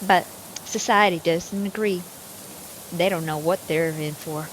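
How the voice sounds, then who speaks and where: A woman's voice: lowish voice, measured pace, background noise, close to an everyday voice. A woman voicing a brash 38-year-old Southern housewife in a put-on Southern drawl, reading her lines like a playful storybook. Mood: boastful.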